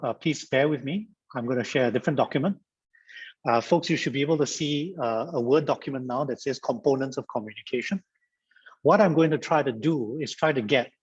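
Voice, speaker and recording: A man from Singapore leads a mediation workshop over a video call, his voice husky and the sound a little dull. He repeats phrases and banters like an auctioneer, keeping a lively classroom pace. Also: mid-range voice. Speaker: guest speaker at a mediation training. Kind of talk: interactive online lecture.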